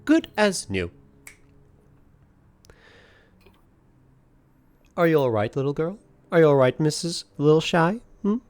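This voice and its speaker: A man voicing a mysterious, powerful female sorceress who acts as a doting auntie, speaking in a soothing tone with a gentle undercurrent of menace. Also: fairly high pitch, very animated, brisk, pitched above the performer's own voice. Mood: kindly.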